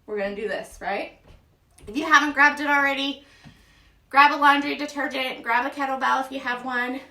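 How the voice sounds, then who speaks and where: A woman's voice: high voice, fairly even intonation, moderate pace, bright, forceful tone. A woman, a mom, leading a casual home workout at home, chatty and upbeat, counting reps aloud. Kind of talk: casual exercise instruction. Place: room at home. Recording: echoey room, voice heard from a distance.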